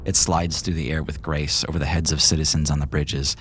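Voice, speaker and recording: A man with a low, deep voice narrates a tabletop game as game master, calm and descriptive. Faint hiss runs underneath the recording. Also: a little fast.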